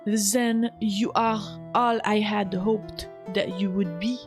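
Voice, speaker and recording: A woman's voice: mid-range voice, moderate pace, music in the background, natural voice. A woman voicing a gracious young noble lady with a put-on French accent and formal, old-fashioned speech. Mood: earnest.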